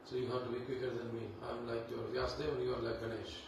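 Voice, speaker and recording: Teacher, man, gravelly low voice, casual class talk, recorded far off in an echoey temple hall with noise. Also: level tone. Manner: unhurried, conversational, many fillers. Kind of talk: devotional class talk with Sanskrit chanting. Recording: echoey hall, distant mic, background noise.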